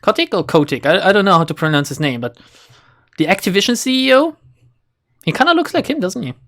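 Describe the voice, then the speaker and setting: A woman streamer giving casual, playful commentary while playing a game, chatty and quick to swear at the characters. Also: medium pitch, big pitch swings, fairly bright tone. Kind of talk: casual let's-play commentary.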